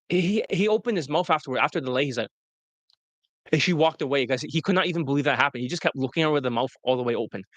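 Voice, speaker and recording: A man with a somewhat high voice tells crude dating stories in a blunt, rambling way. He swears often and restarts his sentences. The sound is dry and close, with no room echo. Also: fairly bright tone. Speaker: dating coach. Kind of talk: casual storytelling to an interviewer.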